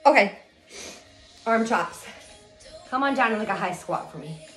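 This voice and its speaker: A woman fitness instructor coaching a low-impact cardio workout, energetic and a little out of breath as she counts reps and cheers people on. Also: measured pace. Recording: echoey room with music.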